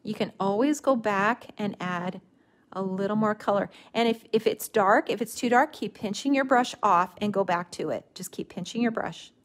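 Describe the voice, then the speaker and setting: A middle-aged woman with a mid-range voice talks at normal speed while showing a watercolor stamping method live. She's calm and gently instructive, frequently beginning her sentences again.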